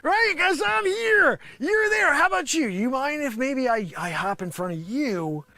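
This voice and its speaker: A man's voice: extremely high pitch, animated, measured pace, bright, forceful tone, no echo. A man doing an improvised comedic rant, exasperated and rambling. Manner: exasperated, rambling, repeats "freaking". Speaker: comedy performer.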